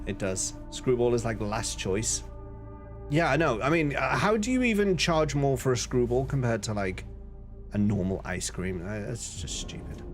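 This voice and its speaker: A man's voice: mid-range voice, big pitch swings, moderate pace, soft background music. Chatty man streaming. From northern England. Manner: chatty, laughs often, reads chat aloud. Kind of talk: casual live-stream chat.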